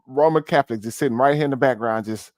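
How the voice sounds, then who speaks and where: A man doing reaction stream commentary, ranting in a loud, mocking, slangy way. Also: medium pitch, fast talker, dry recording, studio quality. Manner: loud, mocking, slangy rants with sudden shouts.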